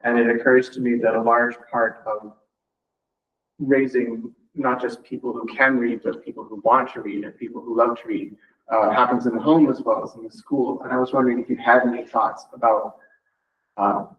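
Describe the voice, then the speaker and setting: A man on a committee sets out a long, thoughtful question at a measured pace. His voice comes from a distance in a roomy meeting space. The sound is dull and muffled. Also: medium pitch, level tone. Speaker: committee member.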